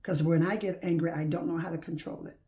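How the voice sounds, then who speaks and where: Gravelly-voiced woman preaching. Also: sits low, steady tone, fast, warm tone. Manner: exhorting, repeats rhetorical questions; folksy spoken phrasing. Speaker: faith-based motivational speaker. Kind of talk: informal preaching to listeners.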